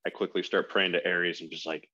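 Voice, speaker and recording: A man's voice: low voice, level tone, a little fast, bright, forceful tone, dull audio. A man playing a tabletop game, brash and swearing in his character talk. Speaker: player. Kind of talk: casual chat at a game table.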